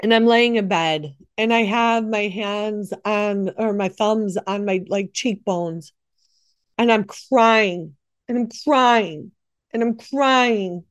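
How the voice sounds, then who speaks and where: A woman's voice: on the high side, dry recording, clean studio sound. A middle-aged woman hosting a podcast, telling a personal faith story in a rambling, emotional way with many self-corrections. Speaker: podcast host, nurse.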